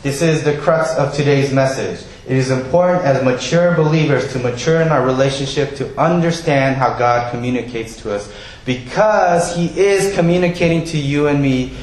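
A man preaching a sermon, telling Bible stories in a lively way and acting out the characters' lines. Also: medium pitch, normal speed. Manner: animated storytelling, acts out quoted voices. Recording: very echoey hall, faint ambience.

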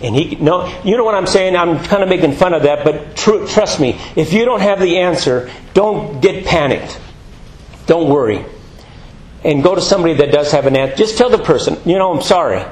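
Animated, slightly high-voiced male preacher. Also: normal speed, reverberant, rough recording. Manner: animated, jokey storytelling with acted-out voices. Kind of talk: sermon.

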